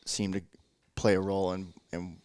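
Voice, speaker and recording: Deep-voiced man rambling on a podcast. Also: flat delivery, moderate pace, darkish tone, smooth, no room sound. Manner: rambling, thinks aloud with restarts. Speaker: podcast host. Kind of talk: casual chat.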